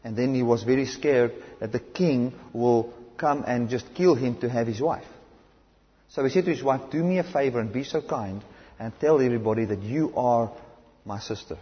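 South African preacher in a reverberant hall. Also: male voice, mid-range voice, moderate pace. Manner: impassioned, swings between loud emphatic and hushed delivery. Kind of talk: sermon. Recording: dull lo-fi recording in a reverberant hall.

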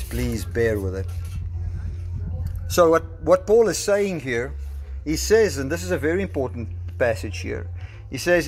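A South African man preaching a sermon, reasoning step by step and slowing down to stress scripture, recorded on a phone in a church. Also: mid-range voice.

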